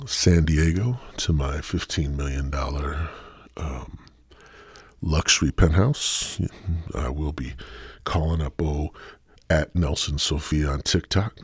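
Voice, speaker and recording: A man's voice: a bass voice, slow, breathy edge, no echo, clean studio sound. A man hosting his own podcast, rambling through a casual rant full of swearing and sardonic jokes. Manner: sardonic, joking asides. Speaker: podcast host.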